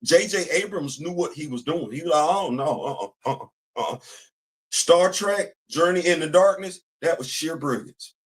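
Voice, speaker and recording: A man hosting a commentary channel, talking in a casual, animated way, repeating phrases and answering himself with call-and-response. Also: fairly high pitch, moderate pace, few pauses.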